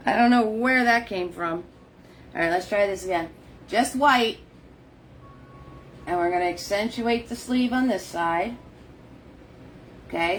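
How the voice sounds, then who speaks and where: A woman's voice: mid-range voice, slight background noise. A middle-aged woman hosting a live painting class, chatting casually, laughing often and greeting viewers by name.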